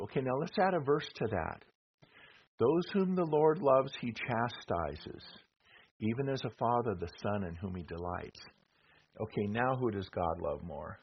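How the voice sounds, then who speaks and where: A man's voice: mid-range voice, sing-song, normal speed, gravelly, slightly rough. A middle-aged man preaching conversationally, reading scripture aloud between rhetorical questions and asides to the congregation. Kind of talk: sermon with slides. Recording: dull lo-fi with faint noise.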